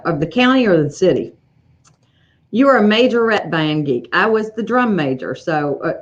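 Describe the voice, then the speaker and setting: A woman's voice: low voice, muffled recording. A woman from Tennessee, hosting a rambling, self-deprecating casual chat on a livestream. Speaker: host.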